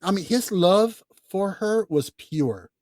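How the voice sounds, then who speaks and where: A man co-hosting a podcast, talking casually about films in a blunt, profane, animated way. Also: high voice, slow. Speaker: podcast co-host. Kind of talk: casual film chat.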